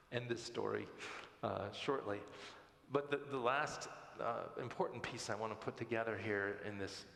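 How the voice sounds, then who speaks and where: A man's voice: on the low side, vocal fry, fairly bright tone. A man telling his personal faith story in a church, talking conversationally and often stumbling and repeating words. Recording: echoey church hall reverb.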